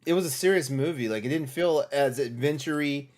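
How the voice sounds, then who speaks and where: A man's voice: fairly high pitch, fairly quick, darkish tone. A man co-hosting a casual podcast chat, speaking candidly with swearing and repeating himself. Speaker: podcast co-host.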